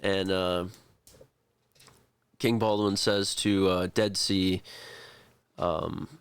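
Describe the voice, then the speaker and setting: A man narrating a tabletop game as game master in a relaxed, rambling way. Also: sits low, slow, long pauses, clean tone, no echo.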